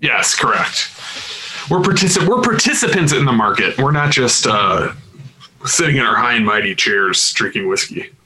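A man's voice: mid-range voice, very animated, moderate pace, bright, forceful tone, poor audio. A man co-hosting a podcast, trading dry, playful banter in casual chat. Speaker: podcast co-host.

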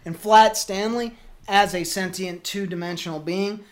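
A man's voice: high voice, fairly even intonation, measured pace. A man co-hosting a comedy podcast, improvising a rambling, profane, escalating absurd story. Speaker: podcast co-host.

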